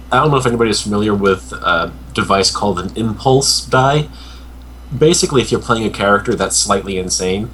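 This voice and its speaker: Man, tabletop player, low voice, deliberate, explanatory, keyboard clicks, faint hiss. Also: a bit bright. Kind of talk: explaining game mechanics in casual chat.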